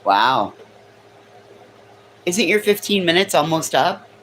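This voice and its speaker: A woman's voice: fairly low pitch, big pitch swings, slow pace, fairly bright tone, slight background noise, rough recording. A woman hosting a casual livestream from home, teasing her chat with sarcastic remarks. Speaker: livestream host. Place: home near a kitchen.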